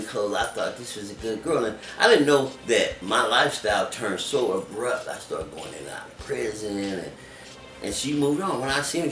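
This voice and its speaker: A man telling his life story in an interview, animated and acting out other people's voices as he talks. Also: fairly low pitch. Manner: animated, acts out voices in quotes. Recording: echoey room, distant mic, music behind.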